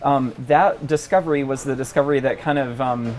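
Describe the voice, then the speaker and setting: A man's voice: medium pitch, brisk, darkish tone. A man in his forties, a paleontologist guest, talking in a casual interview with frequent ums and restarts. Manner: thoughtful, many ums and restarts. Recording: faint background noise.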